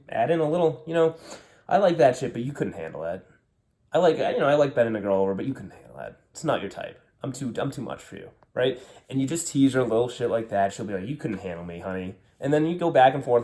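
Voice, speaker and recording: A man's voice: medium pitch, darkish tone. A man talking bluntly as a dating coach, full of swearing and casual slang. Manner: profane, brash, direct. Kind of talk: blunt dating advice monologue.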